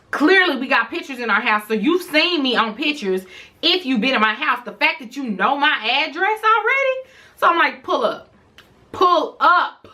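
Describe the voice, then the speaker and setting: A woman talks straight to her camera, retelling a heated personal story in a casual vlog. Her voice is bright and a little high. She is animated and outspoken, with plenty of slang. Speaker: vlogger telling a story.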